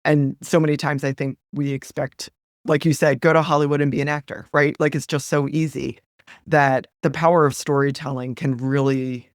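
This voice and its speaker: A woman's voice: rumbling low, no room sound, studio quality. A woman hosting a podcast interview, affirming her guest and asking long, thoughtful questions. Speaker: podcast host.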